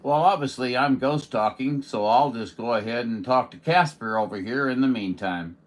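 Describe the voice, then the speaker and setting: A man's voice: medium pitch, moderate pace, slight background noise. A man from Missouri, a radio operator chatting in a casual, folksy, joking way with other stations. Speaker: radio operator streaming contacts. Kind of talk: casual ham radio chat.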